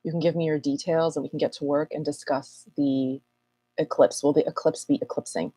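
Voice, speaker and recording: A woman astrologer hosting a casual live Q&A, chatty and rambling with self-mocking asides, her voice a little husky this morning. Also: sits low, fairly even intonation, fairly quick, warm tone, no room sound. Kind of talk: casual livestream chat.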